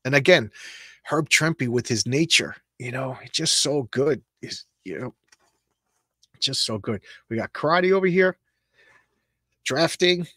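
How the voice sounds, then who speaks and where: A middle-aged man hosting a casual comics read-through, excitable and rambling with stammered repeats. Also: mid-range voice, unhurried, long pauses, husky, dry recording, studio quality. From Long Island, New York. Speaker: comics show host.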